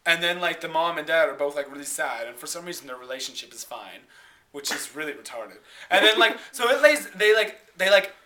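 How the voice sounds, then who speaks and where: A man's voice: fairly high pitch, lively intonation, a little fast, crowd noise. A man retelling a movie plot in a casual, rambling way, full of fillers, bursting into laughs and acting out the characters' lines. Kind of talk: casual dramatic movie recap.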